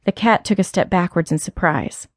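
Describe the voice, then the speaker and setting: A woman narrating a children's audiobook with clear, even storytelling. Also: lowish voice, moderate pace, no echo, studio quality.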